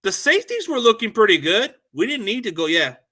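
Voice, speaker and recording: A man's voice: high voice, big pitch swings, brisk, pushed and bright. Fired-up profane man ranting about football. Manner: frustrated, profane, venting and rambling; reads and answers live chat comments. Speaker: sports show host. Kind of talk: casual post-game rant.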